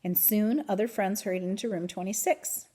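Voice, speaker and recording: A woman reading a children's book aloud in an expressive, animated way. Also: mid-range voice, normal speed. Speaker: reader. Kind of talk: storybook read-aloud.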